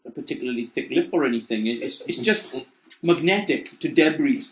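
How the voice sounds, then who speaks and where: A man's voice: medium pitch, lively intonation. A man chatting casually on a comedy podcast, rambling and correcting himself as he goes. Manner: rambling, halting, self-correcting. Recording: roomy echo.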